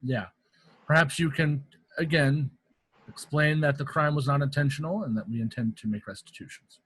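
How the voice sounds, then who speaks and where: A man's voice: fairly high pitch, normal speed, a bit bright, breathy edge, no room sound, low-quality recording. A man playing a tabletop game, who speaks for his character in formal, courteous words. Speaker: player.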